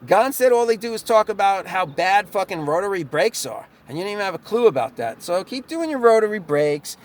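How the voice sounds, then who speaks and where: A man's voice: sits high, big pitch swings, brisk. Sarcastic, swearing young man ranting. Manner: profane, sarcastic, laughs between lines. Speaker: chiropractor. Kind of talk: ranting vlog monologue.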